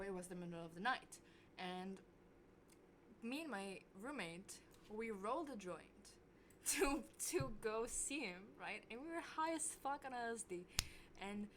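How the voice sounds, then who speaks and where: A young woman vlogger telling a story casually to camera, swearing often and getting loud when worked up. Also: slight background noise. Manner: animated, swears a lot, voice jumps high when worked up.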